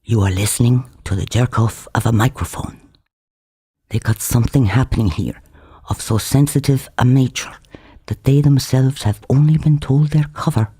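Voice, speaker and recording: A man's voice: mid-range voice, fairly even intonation, moderate pace, dark tone, slightly rough, no echo, clean studio sound, natural voice. A man voicing a scheming, conspiratorial Syrian man who fires off urgent questions.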